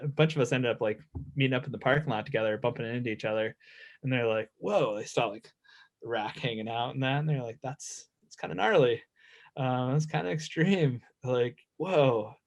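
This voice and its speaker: A man's voice: mid-range voice, steady tone, fairly quick. A man in his thirties, a professional snowboarder guest, telling stories in a laid-back, rambling way with lots of fillers. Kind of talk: casual storytelling chat.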